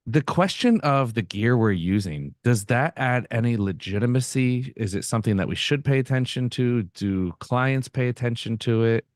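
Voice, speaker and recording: A man hosting a photography session, reading out audience questions in a relaxed, jokey way. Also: mid-range voice, moderate pace, hardly any pauses, dry recording, studio quality. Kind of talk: casual moderation.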